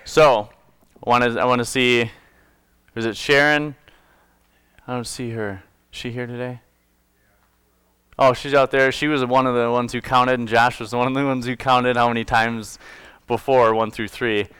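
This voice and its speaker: A man's voice: mid-range voice, fairly even intonation, moderate pace, a bit bright, clean tone, dry recording. A man preaching a casual sermon to his congregation, reading scripture and explaining it in a conversational, joking way. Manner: conversational, self-correcting, jokes with congregation. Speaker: pastor.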